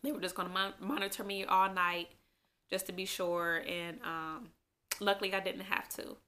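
A young woman tells her own story in a casual sit-down vlog, speaking at normal speed with a medium-pitched, steady tone that sounds pushed and bright. She rambles with many fillers and grows emotional at times, her eyes welling up.

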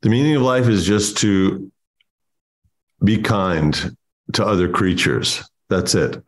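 Male comedian, fairly low voice, fast riffing bits. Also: expressive. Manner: quick joking riffs. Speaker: comedian guest. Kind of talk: casual comedic chat.

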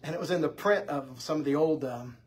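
Husky man, Bible class teacher, chatty anecdotal delivery. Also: on the high side, fairly quick. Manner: conversational, anecdotal, lively delivery. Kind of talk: informal church class teaching. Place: church classroom.

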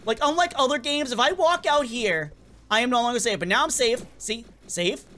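A man giving casual, excitable gameplay commentary as a gaming channel host, often stumbling and repeating words. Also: very high voice, a little fast. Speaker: gaming YouTuber.

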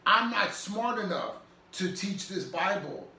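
A man's voice: sits high, animated, measured pace, bright, forceful tone, roomy sound, far from the mic. A man pastor preaching an earnest, emphatic sermon, repeating phrases for weight.

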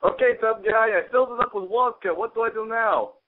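A man's voice: sits high, a little fast, lightly acted. A man voicing a smug male Russian caller with a put-on Russian accent who calls everyone comrade. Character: cocky male Russian caller, loves his homeland. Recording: tinny phone-like audio.

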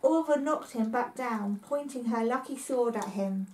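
A woman reads a children's adventure story aloud, steady and plain. Her voice sits high and the recording carries a roomy echo. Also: a little slow. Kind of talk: read-aloud story narration.

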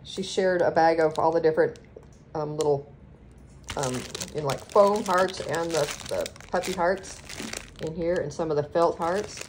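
A low-pitched woman, talking a little slowly, unboxes craft materials at home for her vlog. Her chat is loose and enthusiastic, dotted with ums, and the home recording is noisy.

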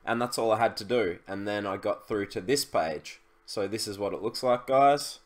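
Chatty young man, fairly low. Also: normal speed. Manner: chatty, loose, with many fillers and restarts. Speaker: e-commerce YouTuber. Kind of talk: casual screen-share tutorial.

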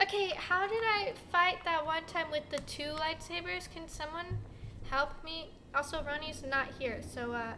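A woman's voice: extremely high pitch, measured pace, pushed and bright, slight background noise. A young woman giving dramatic gameplay commentary, groaning and shrieking at the game. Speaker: gaming streamer.

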